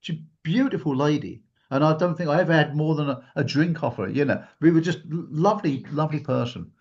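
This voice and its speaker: A man telling a personal story during a talk, animated and acting out the lines of the people he quotes. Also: on the high side, fairly quick. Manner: animated, acts out quotes in a raised voice. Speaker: guest speaker. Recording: dull lo-fi recording.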